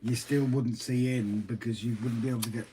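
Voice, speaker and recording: A man's voice: mid-range voice, fairly even intonation, brisk, dark tone, a little hiss or hum. A man chatting casually and joking while building a model railway. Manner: jokey, easygoing.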